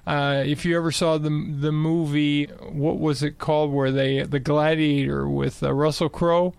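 A man explaining Bible passages in conversation, emphatic and animated. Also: a little high, measured pace, vocal fry, clear, resonant tone, dry recording. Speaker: Bible teacher guest.

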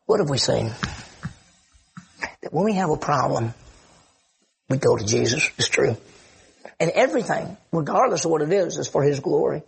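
A man's voice: fairly high pitch, animated, normal speed, vocal fry, pauses often, breathy edge. A middle-aged man, preaching a sermon as a pastor in an earnest way. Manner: earnest, shifts into acted quotes.

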